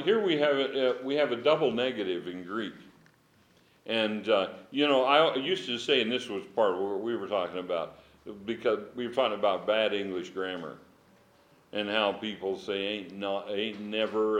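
A man's voice: lowish voice, normal speed. Emphatic man teaching scripture at home. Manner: animated, emphatic, chuckling asides. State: strained voice. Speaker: Bible teacher. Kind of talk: informal Bible study sermon. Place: at home with dogs.

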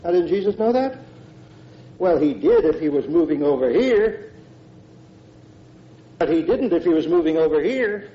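A man's voice: on the high side, animated, moderate pace, pauses often, muffled recording. An older man preaching a conversational verse-by-verse sermon, emphatic, with frequent fillers and restarts.

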